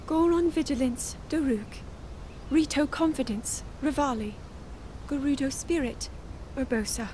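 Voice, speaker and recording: A woman voicing a calm, composed young princess in a game cutscene, measured and formal. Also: high voice, slight background noise.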